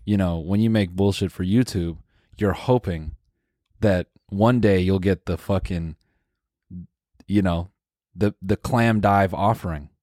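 A man's voice: sits low, measured pace, a little mellow, no room sound, clean studio sound. A man co-hosting a podcast in casual chat, laid-back and full of filler words. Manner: laid-back, uses filler words, says bro and dude. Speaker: podcast co-host.

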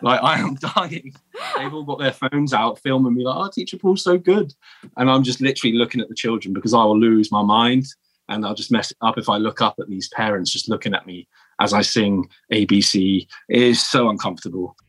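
Southern English man telling stories, low voice. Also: brisk. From south of England. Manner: animated, self-deprecating storyteller with frequent restarts. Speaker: guest, former Marine turned teacher. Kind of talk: casual storytelling interview.

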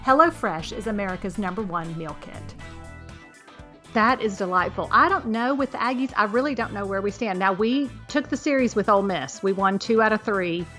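A woman's voice: medium pitch, brisk, few pauses, a bit bright, faint music behind. A middle-aged woman co-hosting a podcast in casual chat, emphatic and fond of repeating herself for effect. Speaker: podcast co-host.

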